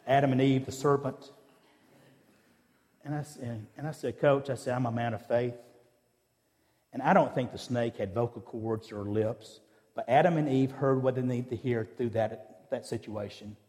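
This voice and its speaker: Man, preacher, mid pitch, storytelling sermon, acts out dialogue, reverberant church hall. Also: normal speed, long pauses, darkish tone. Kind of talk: sermon with personal stories.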